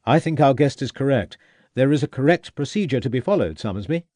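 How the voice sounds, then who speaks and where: A man's voice: mid-range voice, expressive, a little fast, mellow, no room sound, pitched above the performer's own voice, lightly acted. A man voicing a firm, proper Victorian clergyman.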